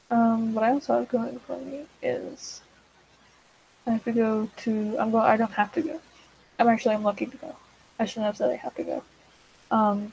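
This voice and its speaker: A woman's voice: a little high, vocal fry, mellow, a little hiss or hum, rough recording. A teenage girl chatting casually while drawing, rambling and awkward, full of fillers and restarts, self-deprecating. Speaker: digital artist vlogger. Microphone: desk mic.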